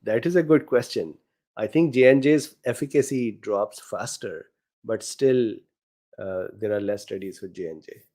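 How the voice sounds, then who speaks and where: Middle-aged male host, non-native accent, relaxed mellow delivery, casual live Q&A reading viewer chat. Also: fairly low pitch, normal speed. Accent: non-native English accent. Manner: reads chat questions aloud, frequent fillers, chuckles. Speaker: host answering viewer questions.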